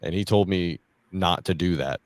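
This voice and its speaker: A former coxswain in casual podcast chat who explains things in a patient, low-key way. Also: male voice, moderate pace, dry recording. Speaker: former Coast Guard coxswain.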